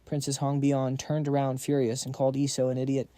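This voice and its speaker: A man's voice: mid-range voice, completely flat delivery, a little fast, mellow, no echo. A man narrating a manhwa recap in a dramatic, slangy storytelling manner.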